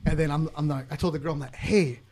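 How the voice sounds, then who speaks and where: A man tells long stories on a casual podcast, slipping in and out of the voices of the people he quotes. His voice sits high for a man. He swears freely and keeps the story rolling. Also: level tone, rapid-fire, darkish tone. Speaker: guest sports broadcaster.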